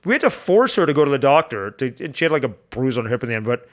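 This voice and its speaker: A man's voice: medium pitch, very fast. A man guest on a podcast, telling stories in casual chat and jumping into funny voices. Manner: animated storyteller, jumps into funny voices.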